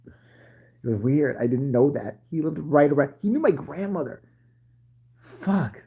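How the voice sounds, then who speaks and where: A man with a husky, mellow voice telling stories in a loose, profane way. He laughs and swears as he talks. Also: a little high, animated, unhurried. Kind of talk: casual storytelling.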